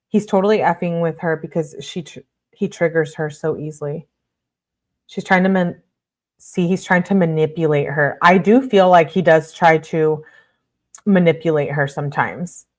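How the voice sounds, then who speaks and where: Woman, low voice, reads text messages out loud, blunt and judgmental asides, casual swearing. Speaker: true-crime commentator. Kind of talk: reading text messages aloud with commentary.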